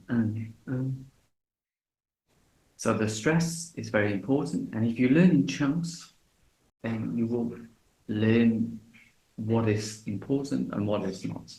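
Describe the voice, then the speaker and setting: Slow, deliberate male English teacher. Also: on the low side, a little mellow. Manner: slow, deliberate, repeats example phrases. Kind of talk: relaxed video lesson. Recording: echoey room.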